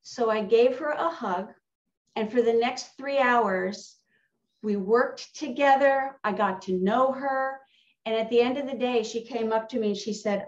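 A woman sharing a personal testimony in a casual, animated storytelling way, acting out the conversations she recounts. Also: a little high, unhurried. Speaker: church member sharing a testimony. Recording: distant, roomy, dull sound.

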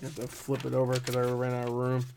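Excitable guy going over game prices, mid voice, cusses and laughs a lot. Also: medium pitch, quick pace, vocal fry, a little hiss or hum. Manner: excitable, swears, laughs often. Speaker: gaming vlogger. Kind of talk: casual commentary.

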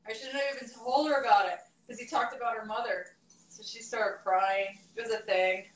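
A woman's voice: on the high side, steady tone, moderate pace. A young woman chatting casually and rambling on a live stream while cooking, laughing often. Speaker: vlogger doing a live stream. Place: home kitchen. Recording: echoey kitchen with dish clatter. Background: clinking cutlery and dishes.

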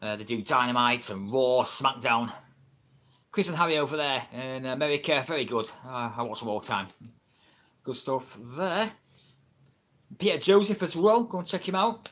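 A man's voice: mid-range voice, animated, moderate pace, pauses often, a bit bright. A middle-aged man with an English accent, chatting casually on a livestream, rambling and laughing often, recorded on a built-in camera mic at home. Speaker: wrestling livestreamer. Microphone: built-in camera mic, no microphone.

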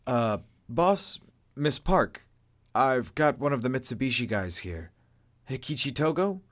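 A man's voice: mid-range voice, sing-song, unhurried, fairly bright tone, voice pushed up. A man playing a deferential male security guard reporting news to his boss. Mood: uneasy. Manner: hesitant, reporting.

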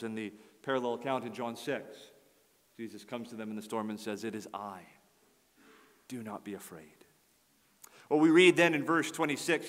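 A man preaching a sermon as pastor, earnest and building to forceful emphasis. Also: mid-range voice, in a large hall. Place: church sanctuary.

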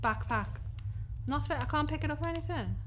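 A woman's voice: high-pitched, expressive, brisk, a little hiss or hum. A young woman with a gaming headset, giving horror game let's play commentary; jumpy, she shrieks and swears when startled. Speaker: gaming channel host.

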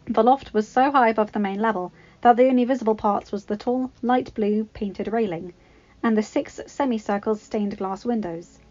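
A woman reading a fanfiction story aloud in a plain, steady narration. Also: on the high side, moderate pace, no echo. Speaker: fanfiction reader. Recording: slightly dull lo-fi recording.

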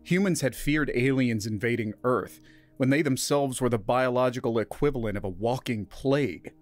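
A man narrating a scripted science fiction story in a steady, even reading voice. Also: mid-range voice, moderate pace, soft background music.

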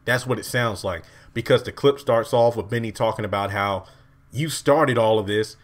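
A man recapping a TV episode in an excited, rambling, emotional way, addressing his viewers directly. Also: lowish voice, moderate pace. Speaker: TV show recap vlogger.

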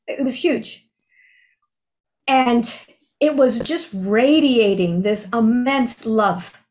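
A woman in her sixties telling a personal spiritual experience in a casual, earnest and heartfelt way. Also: fairly high pitch. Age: 60s. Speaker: storyteller sharing a spiritual experience.

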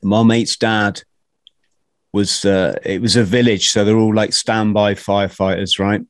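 A man hosts a casual interview, thinking aloud in halting bursts and often restarting his sentences. His voice sits on the low side. The recording is dry, with no room sound. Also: little pitch movement, no echo. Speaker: podcast host.

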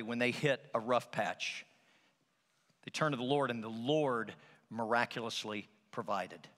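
Bright-voiced pastor in a reverberant hall. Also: male voice, mid-range voice. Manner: animated storytelling with acted-out quotes. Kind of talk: sermon. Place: large church hall.

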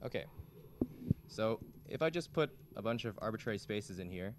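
A young man giving a classroom lecture as a student instructor, talking in a halting way with many restarts. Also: on the low side, expressive, heavy background noise. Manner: halting, frequent restarts and fillers. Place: lecture hall.

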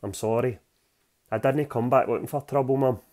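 A man's voice: mid-range voice, normal speed, warm tone, natural voice. A man reading the lines of a contrite, hot-tempered young Scottish man apologising to his mother. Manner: apologetic, clipped.

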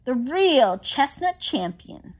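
A woman's voice: sits high, very animated, slow, full character voice. A woman voicing a cheeky, showy and bragging male chinchilla in a storybook reading.

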